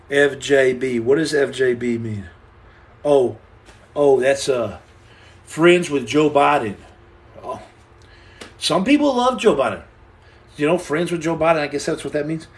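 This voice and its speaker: A man from the United States chats through a live stream with a voice pitched well above most men's. He jokes with viewers and reads out their questions, acting out little scenes and repeating lines for effect. He stammers and restarts often as he talks. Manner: animated and playful, acts out scenes and repeats himself. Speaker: livestream host answering viewer questions. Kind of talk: joking live-stream chat.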